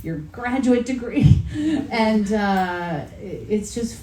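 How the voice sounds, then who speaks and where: Speaking slowly in a warm, expressive, medium-pitched voice, a woman author talks informally at a bookstore event, often using fillers and restarting sentences. Faint noise can be heard in the roomy hall.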